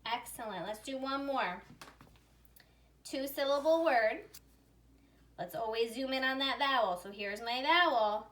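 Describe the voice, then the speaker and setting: Woman reading teacher, bright voice, fairly high, sounding out syllables, slightly distant mic. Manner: slow, sounds out letters and syllables, upbeat. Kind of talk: phonics lesson for young readers.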